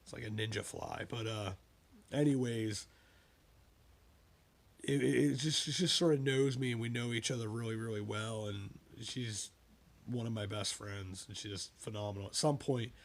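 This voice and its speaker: A man's voice: mid-range voice, fairly even intonation, normal speed, gravelly. Rambling man, casual book talk. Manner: rambling, with digressions and asides. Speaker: writer talking about his books. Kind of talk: casual spoken monologue.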